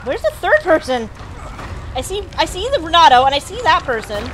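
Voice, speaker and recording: A woman's voice: extremely high pitch, big pitch swings, a little fast, background noise. A woman giving casual, jokey commentary while streaming a video game, talking to the characters on screen. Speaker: gameplay streamer.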